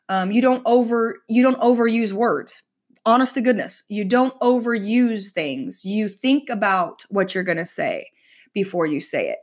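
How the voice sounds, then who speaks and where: Chatty higher-voiced woman teaching. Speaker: spiritual teacher. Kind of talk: casual teaching talk.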